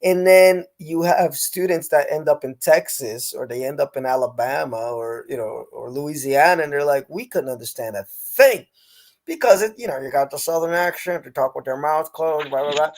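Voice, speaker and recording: A man's voice: a little high, moderate pace, hardly any pauses. A man with a Northeast American accent, hosting a casual interview and chatting straight to his viewers. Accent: Northeast American (Philadelphia/New York). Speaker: host and English teacher.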